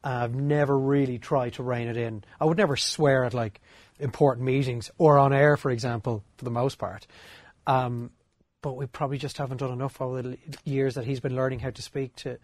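A man's voice: medium pitch, steady tone, fairly quick, no room sound. A young Irish man, a radio co-host, telling a story in an easygoing, colourful way. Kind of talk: casual chat.

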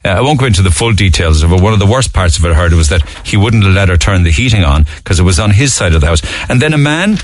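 A man's voice: sits low, animated, quick pace, hardly any pauses. A man hosting a radio show, running through the morning papers in a loose, chatty way with plenty of ums and uhs. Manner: conversational, lots of filler ums and uhs. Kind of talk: radio news roundup and chat.

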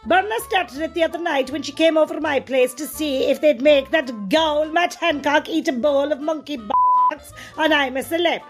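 A woman's voice: high-pitched, very animated, normal speed, soft background music. A gossipy North Cork countrywoman. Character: gossipy middle-aged rural Cork woman letter writer. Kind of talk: comic radio sketch.

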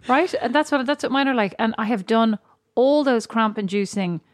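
An Irish woman with a slightly high voice co-hosts a chatty podcast at a normal pace, recorded dry with clean studio sound. She rambles, restarts her sentences, and laughs often in this casual chat.

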